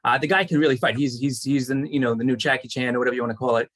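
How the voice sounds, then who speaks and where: A man chatting casually about a movie, speaking haltingly with many restarts and fillers. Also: mid-range voice, fairly even intonation, a bit bright. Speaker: movie club panelist. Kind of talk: casual chat.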